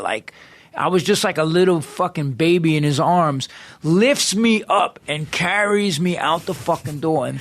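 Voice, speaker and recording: Man, storyteller, swears a lot, slightly high voice, dry close studio sound, acts out other voices. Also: no room sound. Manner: profane, animated, acts out quoted voices. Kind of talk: casual storytelling. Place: podcast studio.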